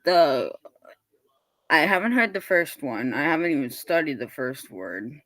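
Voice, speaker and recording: A man's voice: on the high side, very animated, measured pace, fairly bright tone, low-quality recording. A fifteen-year-old boy, a student chatting eagerly in an online class. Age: teens. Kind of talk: casual classroom remarks.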